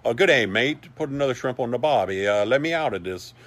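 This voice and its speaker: Brief: a man putting on a jokey, overdone Australian accent for a frantic man locked in a cellar, pitched high and pleading. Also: animated, fairly quick, a bit bright. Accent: mock Australian.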